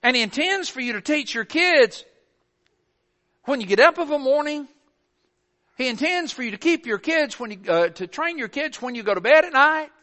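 Older man preaching, high and sharp-toned, earnest, presses his points hard. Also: lively intonation, moderate pace. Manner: earnest, builds to forceful emphasis. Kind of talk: sermon.

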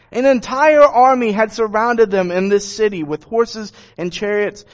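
A man reading scripture and then preaching on it in an earnest, emphatic way. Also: high voice. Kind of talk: Bible reading and sermon. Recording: dull lo-fi recording.

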